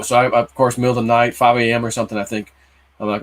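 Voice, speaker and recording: A man's voice: mid-range voice, level tone, rapid-fire. A man in his early forties casually telling a long personal story on a livestream, rambling, with many fillers and restarts. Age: 40s. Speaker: livestream co-host.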